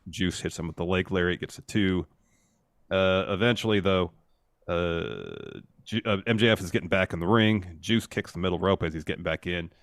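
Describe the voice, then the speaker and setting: A man co-hosting a wrestling podcast, recapping matches in a steady, casual way. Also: low-pitched, normal speed, dry recording, clean studio sound. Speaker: podcast co-host.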